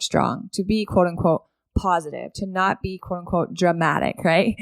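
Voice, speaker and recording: A woman's voice: lowish voice, gravelly, no room sound, clean studio sound. A woman hosting a solo podcast, talking casually and often asking "right?" to keep the listener with her. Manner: conversational, keeps asking "right?". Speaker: podcast host.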